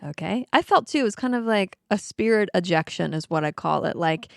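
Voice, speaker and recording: Brief: woman with gravelly fry, chatty storyteller, dry close sound. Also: on the low side, expressive, brisk, dry recording. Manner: recounts events with many "like" fillers. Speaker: yoga teacher and ceremony guide. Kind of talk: casual storytelling chat.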